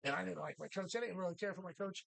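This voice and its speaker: A man's voice: sits high, rapid-fire, gravelly, a bit bright, no room sound. A man hosting a casual chat in a pub, telling profane, rambling stories.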